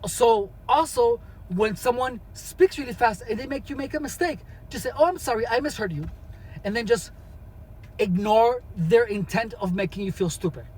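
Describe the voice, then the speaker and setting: A man's voice: very high voice, normal speed, darkish tone, poor audio. A man talking casually as a vlogger, giving advice in a rambling way with many restarts.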